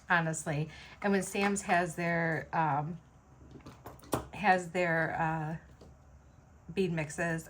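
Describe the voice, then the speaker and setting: A woman's voice: low voice, a little hiss or hum. A woman vlogger chatting casually and rambling with many fillers while she makes beaded jewelry at home. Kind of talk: casual chat while beading.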